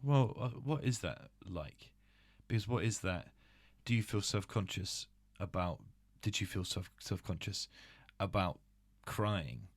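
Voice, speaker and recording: A man hosting an interview, asking questions in a gentle, hesitant way. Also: sits low, expressive, measured pace, hardly any pauses, no echo. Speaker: podcast host. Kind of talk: interview conversation.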